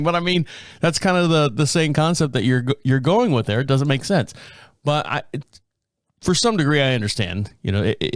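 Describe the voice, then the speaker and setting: A man's voice: a little high, no room sound. Middle-aged male host, rambling casual storyteller, swears, dry close-miked sound. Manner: rambling, self-deprecating, swears freely. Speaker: podcast host. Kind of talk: casual chat.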